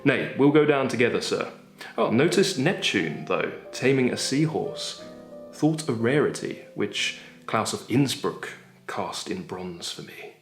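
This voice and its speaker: Haughty duke showing off his palace read by a man, measured dramatic poetry reading, roomy sound. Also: mid-range voice, very animated, soft background music. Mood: stately. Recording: roomy echo.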